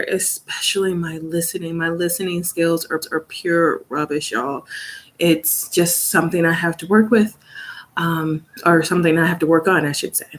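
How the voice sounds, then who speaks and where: A woman's voice: fairly low pitch, a bit bright. A young woman chatting casually on a phone live stream from her studio, rambling with fillers and easy laughs. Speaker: vlogger, English teacher in South Korea. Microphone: phone camera.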